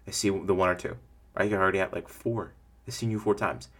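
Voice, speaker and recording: A man hosting a podcast, giving casual business coaching in an energetic, rambling way and acting out what customers would say. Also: deep voice, fairly quick. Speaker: podcast host.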